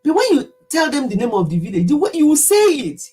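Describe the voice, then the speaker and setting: A woman's voice: sits high, big pitch swings, fast talker, warm tone. A Nigerian woman in her fifties, chatting animatedly to camera in a casual vlog monologue and laughing easily. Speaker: vlogger.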